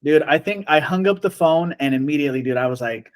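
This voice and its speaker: A man with a somewhat high voice spins a story in easygoing conversation. He acts out each quoted line with lively energy, jumping between characters as he tells it. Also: fast talker. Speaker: storyteller guest. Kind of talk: casual podcast chat.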